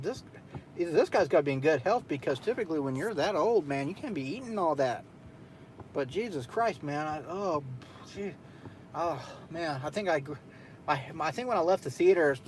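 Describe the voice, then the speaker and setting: A man's voice: on the high side, noisy background. Laid-back, foul-mouthed storytelling man. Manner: loose, profane storytelling with frequent laughs. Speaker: streamer host. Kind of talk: casual late-night chat.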